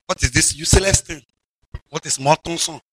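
A man preaching a lively, mocking sermon to children, shouting and drawling words for emphasis. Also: a little high, normal speed, husky, dry recording.

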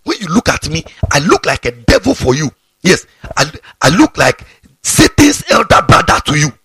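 Fiery preacher, husky and raspy, bright tone, dry close sound. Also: male voice, fairly high pitch, big pitch swings, moderate pace, no echo, soft background music. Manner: fiery, scolding, repeats himself. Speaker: pastor. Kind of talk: sermon to students.

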